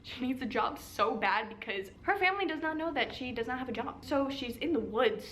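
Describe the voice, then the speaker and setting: A young woman vlogging from home about the book she is reading. Her voice sits a little high and she talks in a loose, animated way, full of "like" and quick asides. A faint hum of the room sits behind her. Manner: chatty and animated, lots of "like" and laughs. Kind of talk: casual reading vlog.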